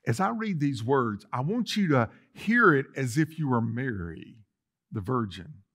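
A man preaching a sermon as lead pastor in a church, swinging from loud declarations to soft asides. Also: a little high, big pitch swings, normal speed. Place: church sanctuary.

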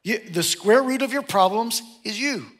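A middle-aged male pastor preaching a sermon, animated and joking, acting out the people he quotes. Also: high voice, normal speed. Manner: animated, jokey, acts out quotes.

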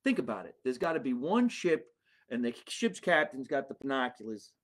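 A man from New Jersey with a New Jersey accent, hosting a comedy podcast and riffing in an animated way with quick character voices and frequent laughter. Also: on the high side.

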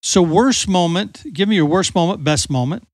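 A man's voice: sits high, moderate pace, dry recording. Reflective male podcast host. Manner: reflective, preacherly asides. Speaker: podcast host, former youth pastor. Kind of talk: casual interview talk.

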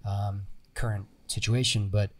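A young man from Bulgaria who speaks with an American accent, telling stories in a casual interview. His voice sits a little low, and he talks in an animated way, swearing freely. He sits slightly back from the microphone, so he sounds a bit distant. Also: unhurried. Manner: animated storyteller, swears, laughs often. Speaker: actor guest. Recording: voice a bit far from mic.

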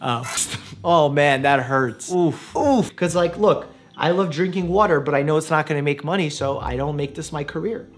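A man's voice: fairly high pitch, normal speed. A young man, a doctor and video host, joking around playfully in vlog clips and laughing often.

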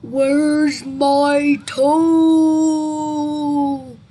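A woman voicing a ghostly creature that groans slowly and loudly. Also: high voice, flat delivery. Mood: groaning. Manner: slow drawn-out groans, loud.

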